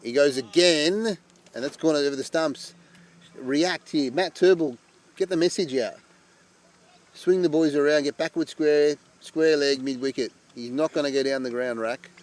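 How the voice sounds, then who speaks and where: A man giving chatty live commentary on an amateur cricket match. He breaks into loud excitement at wickets. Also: on the high side, moderate pace.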